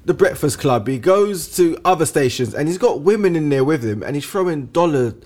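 A man in casual podcast chat, calmly laying out his point. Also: fairly high pitch, brisk.

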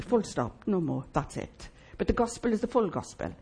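Husky, lively woman preaching a sermon. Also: on the low side, normal speed. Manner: lively, emphatic, rhetorical questions to the congregation. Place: church.

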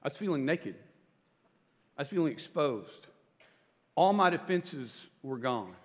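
A middle-aged man, a pastor, giving a casual, self-deprecating sermon with stories to a congregation. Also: fairly high pitch. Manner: conversational, self-deprecating storytelling. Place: church auditorium. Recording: long reverb of a large hall.

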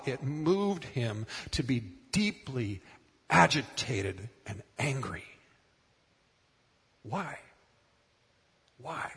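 A man's voice: medium pitch, breathy edge, long reverb tail. A middle-aged man preaching a sermon as pastor, earnest and emphatic, repeating words for stress.

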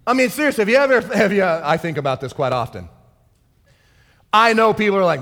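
Excitable high-voiced male pastor. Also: brisk. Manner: excitable, fervent preaching. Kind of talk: sermon. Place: church hall. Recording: reverb of a church hall.

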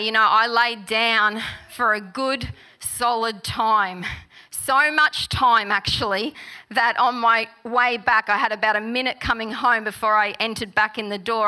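A middle-aged woman preaching a sermon, telling personal stories and reading scripture slowly. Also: fairly high pitch. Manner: warm, personal storytelling with gentle laughs; slow, unhurried reading of scripture.

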